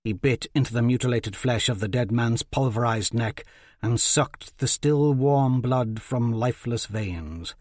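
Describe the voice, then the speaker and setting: A man narrating a fantasy audiobook in a measured, even way. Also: medium pitch, no echo, clean studio sound.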